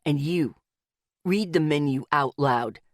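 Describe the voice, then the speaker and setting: A woman voicing a gruff, protective young man who gives curt commands, lowering her voice for him. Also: slow, no echo, studio quality. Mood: stern.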